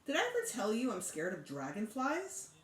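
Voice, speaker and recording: A woman voicing a calm, earnest young girl who asks probing questions in a storybook. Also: on the high side, moderate pace. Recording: echoey room.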